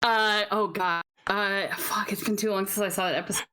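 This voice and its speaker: Woman contestant on a stream quiz, jokey, laughs a lot, mid pitch. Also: steady tone, moderate pace, bright, forceful tone, clean tone. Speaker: game show contestant. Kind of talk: casual live-stream chat.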